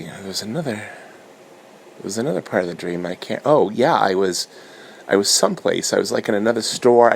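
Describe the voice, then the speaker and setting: Gravelly-voiced man rambling casually. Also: deep voice, slight background noise. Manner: meandering, full of restarts and fillers, animated when quoting himself. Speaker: podcast host recounting dreams.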